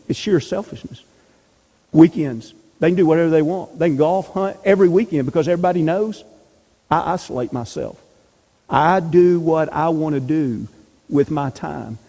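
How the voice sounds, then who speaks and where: Mellow man teaching a church class. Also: on the high side. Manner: emphatic, asks rhetorical questions. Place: church meeting room. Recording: long hall reverb.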